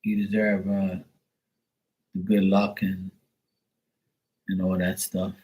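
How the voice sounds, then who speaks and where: A man's voice: low voice, completely flat delivery, slow, a little mellow, husky, rough recording. A man chatting casually with viewers on a live tarot stream, blunt and full of swearing. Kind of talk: casual livestream chat.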